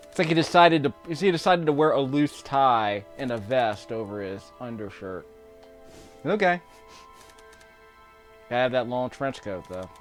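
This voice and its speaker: A man's voice: medium pitch, expressive, measured pace, long pauses, soft background music. A man giving casual, rambling commentary while playing a video game, chuckling often between remarks. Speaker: YouTube gameplay commentator. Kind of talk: casual let's-play commentary.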